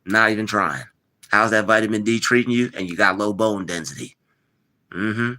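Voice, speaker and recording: A man's voice: on the low side, normal speed, pushed and bright. A man hosting a live stream, talking casually, teasing and replying to his chat with lots of repetition. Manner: mocking, repetitive, replies to chat.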